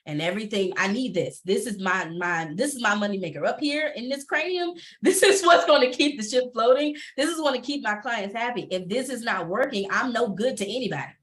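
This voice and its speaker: A woman's voice: medium pitch, a little fast, hardly any pauses. A woman, talking candidly and emphatically as a panelist on a video call, often laughing. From Atlanta area. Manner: animated, laughing, emphatic repetition. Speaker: panelist, entrepreneur and former teacher.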